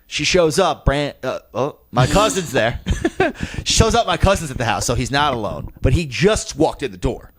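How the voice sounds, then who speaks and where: A man's voice: medium pitch, normal speed. A young man co-hosting a comedy podcast, telling a story in casual chat and acting out the people in it, with plenty of swearing. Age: young adult. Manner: animated storyteller, acts out quoted people, swears a lot. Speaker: podcast co-host.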